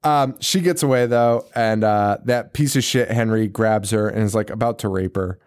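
A man's voice: fairly low pitch, normal speed, darkish tone, smooth. A man co-hosting a podcast, chatting casually and profanely as he recaps a movie, laughing and acting out scenes. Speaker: podcast co-host.

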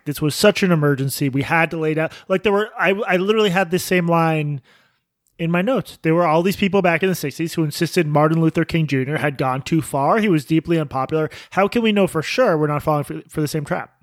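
A man's voice: a little high, no echo, studio quality. A man co-hosting a podcast in casual chat, thinking aloud with hesitations and frequent laughter. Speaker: podcast co-host.

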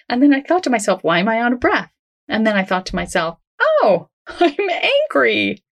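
A woman hosting a self-help podcast, talking in a gentle, reassuring, conversational way. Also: medium pitch. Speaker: podcast host.

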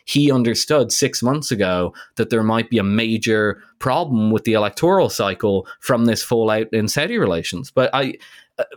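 A man co-hosting a casual current-affairs podcast, talking in an animated, incredulous way with frequent restarts. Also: fairly low pitch, moderate pace. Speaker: podcast co-host.

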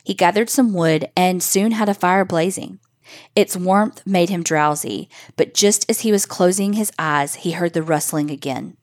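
A woman narrating a children's story aloud in a measured, expressive way. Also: fairly low pitch, dry recording, clean studio sound.

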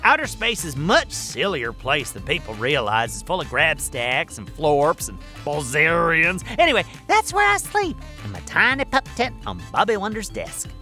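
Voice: medium pitch, normal speed, few pauses, faint music behind. An actor voicing a chatty furry creature host. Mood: excitable. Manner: excitable, chatty, easily flustered, lively sing-song delivery. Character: small furry boastful creature radio host. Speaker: host of a listener mailbag show. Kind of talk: scripted children's audio comedy.

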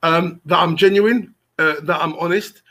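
A man, a comedian and broadcaster chatting as a podcast guest, joking and animated, with shouts when he tells a story. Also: fairly high pitch, unhurried. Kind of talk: casual podcast chat.

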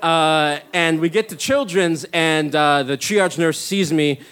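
A man's voice: a little high, slow, clean tone. A man, telling a rambling comic story full of likes and uhs. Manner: rambling, many likes and uhs, animated when excited. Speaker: stand-up comedian and storyteller. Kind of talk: storytelling monologue.

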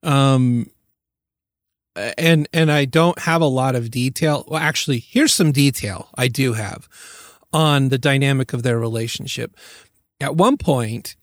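A man's voice: medium pitch, a little slow, no echo, clean studio sound. A man hosting a podcast, recounting a case in casual chat and laughing easily. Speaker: podcast host.

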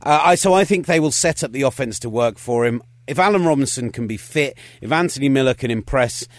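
A man's voice: mid-range voice, expressive, no room sound, clean studio sound. A man co-hosting a podcast, talking sports in a casual, opinionated and wry way. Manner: opinionated, rapid-fire and wry. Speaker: podcast co-host.

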